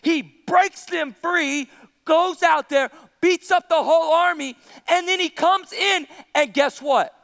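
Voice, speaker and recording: A man preaching a sermon as an animated storyteller who acts out the characters. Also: very high voice, slow pace, vocal fry, in a large hall. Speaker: pastor.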